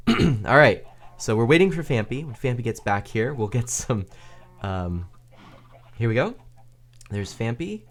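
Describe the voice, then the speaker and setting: A man's voice: mid-range voice, big pitch swings, unhurried. A man streaming a building game, chatting casually with viewers, chatty and self-deprecating, laughing often. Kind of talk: casual gaming stream chat.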